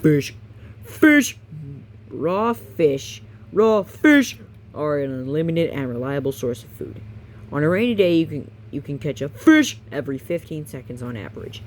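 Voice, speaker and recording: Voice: mid-range voice, lively intonation, normal speed, darkish tone. Reader stumbling through a guidebook. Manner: casual, stumbling, self-correcting, chatty asides. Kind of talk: reading a game guidebook aloud.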